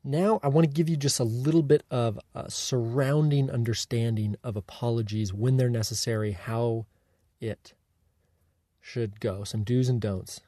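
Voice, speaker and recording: Man, mid pitch, mellow tone, dry close-miked sound, steady instructive coaching delivery that keeps checking in with the listener. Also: no echo. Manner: deliberate, coaching, checks in with "okay?" and "right?". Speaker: self-help teacher. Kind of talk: instructive monologue.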